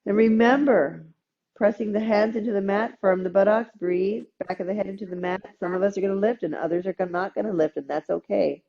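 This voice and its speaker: A woman teaching a gentle yoga class, calmly cueing breaths and movements with playful asides. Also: mid-range voice, brisk, gravelly, muffled recording. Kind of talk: guided yoga class instruction.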